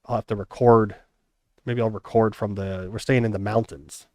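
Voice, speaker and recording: A man's voice: fairly low pitch, normal speed, no room sound, clean studio sound. Casual middle-aged man hosting a podcast. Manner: relaxed, reflective, thinking aloud. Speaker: podcast host. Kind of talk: casual chat.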